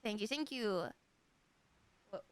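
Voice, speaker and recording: An American woman streamer chatting casually, giggly and excitable. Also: medium pitch, slow pace, smooth, no room sound. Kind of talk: casual live-stream chat.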